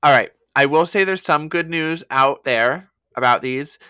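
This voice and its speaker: A man with a bright, forceful voice tells stories with plenty of animation, dropping swear words and acting out what people said. His pitch sits a little high. The sound is dry and close, with no room around it. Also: unhurried, smooth, no echo. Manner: animated storytelling with swearing and acted-out quotes. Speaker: podcast co-host. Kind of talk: casual comedic chat.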